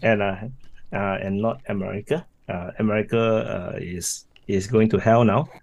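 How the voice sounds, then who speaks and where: A man appearing as a podcast guest, talking casually and haltingly with many fillers and repeated words. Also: fairly low pitch, fairly even intonation, vocal fry, a little mellow, no echo. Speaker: podcast guest, managing editor of a defense media channel. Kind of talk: casual chat.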